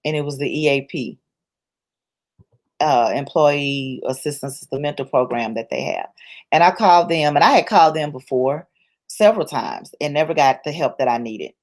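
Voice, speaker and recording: Woman guest, emphatic testimony voice, slightly low-pitched, colloquial and churchy. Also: moderate pace. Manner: emphatic, repetitive storytelling; colloquial, church-rooted speech. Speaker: interview guest. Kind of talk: personal testimony in conversation.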